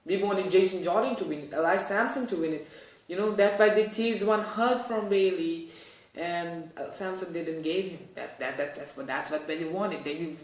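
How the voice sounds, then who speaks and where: A man with a fairly high voice runs a casual news show, rambling and stopping to correct himself. He sounds animated and loose. The room around him is noticeably echoey. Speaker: host.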